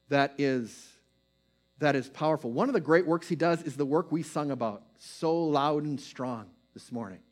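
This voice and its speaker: A man delivering a sermon as a pastor, moving between quick bursts and slow, hushed phrases. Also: medium pitch.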